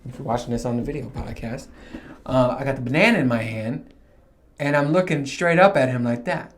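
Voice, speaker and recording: Speaking briskly at a medium pitch, a man hosts his own podcast and rambles through a string of casual stories. Swearing runs throughout, and he laughs a lot along the way.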